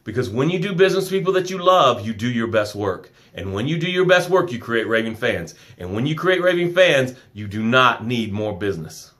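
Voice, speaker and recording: A man's voice: mid-range voice, sing-song, a little fast, few pauses, fairly bright tone. A man running a motivational live stream as a business coach, reading out viewer comments and talking emphatically and affectionately.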